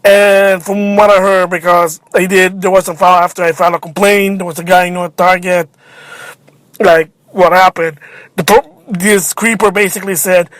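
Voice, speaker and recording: Man, high-pitched, dry close sound; agitated vlogger recounting a grievance, animated and rambling. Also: moderate pace, no room sound. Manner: agitated, animated storytelling with restarts. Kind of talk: casual ranting monologue.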